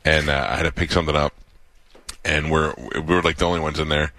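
Fast-talking deep-voiced radio man. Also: slight background noise. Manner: animated storyteller, acts out quoted voices. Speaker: radio show co-host. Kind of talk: casual radio banter, storytelling.

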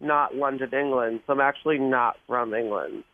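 A man's voice: medium pitch, normal speed. Sheepish man on a tinny phone line. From Canada. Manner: sheepish, embarrassed. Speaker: caller.

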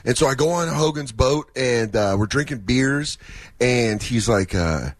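A man's voice: mid-range voice, measured pace, dry recording. A man appearing as a comedian guest in a radio interview, telling jokey stories in a casual chat. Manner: animated, jokey storytelling with impressions.

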